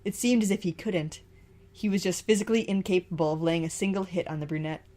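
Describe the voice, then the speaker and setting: A woman reads fan fiction aloud in a lower-than-average voice, tripping over the prose. She breaks off into joking comments along the way. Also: steady tone, quick pace, dark tone. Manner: stumbling, laughing asides.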